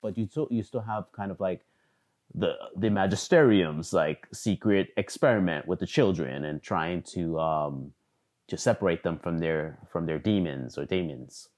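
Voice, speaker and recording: A man co-hosting a podcast in casual chat, talking in a halting way with restarts and fillers and letting his sentences trail off quietly. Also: low-pitched. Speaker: podcast co-host.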